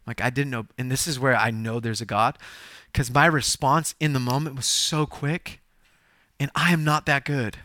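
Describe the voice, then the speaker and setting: A male pastor telling stories in a sermon, animated and self-deprecating, with bursts of loud exclamation. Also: medium pitch, moderate pace, dry recording, clean studio sound. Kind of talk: sermon storytelling.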